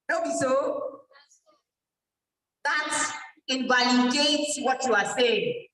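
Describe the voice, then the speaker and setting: A woman's voice: high-pitched, slow, pauses often, fairly bright tone. A middle-aged Nigerian woman giving a motivational talk to a church youth camp, putting questions to the audience and answering them herself. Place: large church hall. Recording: echoey hall, mic from far off.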